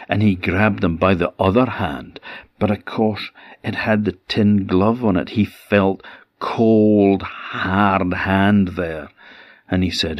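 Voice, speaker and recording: A man with an Orkney accent telling a traditional folk tale, lively and shifting his pace and loudness. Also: low voice, slow pace, no echo, muffled recording. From Orkney, Scotland. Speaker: traditional storyteller.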